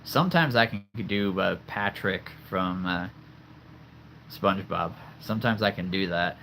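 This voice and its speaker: A man's voice: sits low, unhurried, sharp tone, a little hiss or hum. A man in his thirties chatting casually on a livestream from his home, rambling and laughing often at himself. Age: 30s. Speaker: streamer showing his figure collection. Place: home room with toy figures.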